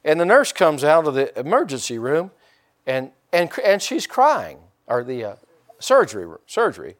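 A man's voice: on the high side, wildly swooping pitch, moderate pace. A man preaching a conversational sermon and talking directly to his congregation. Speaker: pastor.

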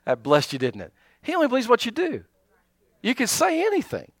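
Man preaching, high voice, very animated pitch, dry close sound, calls out to the crowd. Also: normal speed, long pauses, no echo. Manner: animated preaching with congregation call-outs and acted asides. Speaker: pastor. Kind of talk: sermon.

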